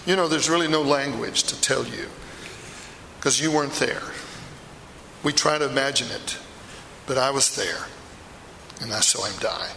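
A remorseful apostle , played by a man recounts his story first person in a stage monologue, his gravelly voice pushing hard with a slightly high pitch. The sound rings through a reverberant hall with a long tail. Faint room noise hums behind him. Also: bright, forceful tone. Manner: intense storytelling, swells to anguished outbursts. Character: remorseful apostle, a middle-aged fisherman telling his story.

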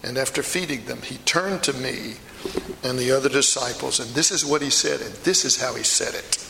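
A man's voice: mid-range voice, moderate pace, gravelly, noisy background, natural voice. A man performing a first-person sermon monologue as the apostle Peter, telling the story emphatically with confiding asides, in an echoey hall. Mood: earnest. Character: the apostle Peter, blunt passionate middle-aged fisherman. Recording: echoey hall with long reverb.

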